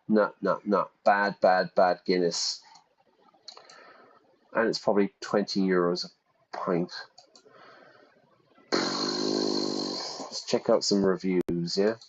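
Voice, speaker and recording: A man's voice: lowish voice, lo-fi sound. A middle-aged man, an English teacher chatting casually and wryly through an online lesson. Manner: chatty, wry, rambling asides. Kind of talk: casual screen-share lesson, reading aloud.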